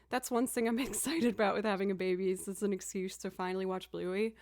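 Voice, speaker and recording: A woman's voice: medium pitch, steady tone, fairly quick, darkish tone. A woman musician chatting casually with her livestream viewers between songs. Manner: chatty, reading chat aloud between songs. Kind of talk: casual livestream chat while playing music. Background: looped instrument music.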